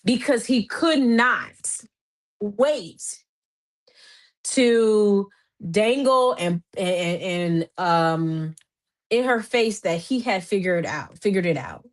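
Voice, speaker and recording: An animated woman hosting a podcast, talking through a casual recap at a mid pitch. She rambles chattily with plenty of fillers and restarts. Her voice leaps upward whenever she gets excited. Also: extremely slow. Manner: voice jumps higher when excited. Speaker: podcast host.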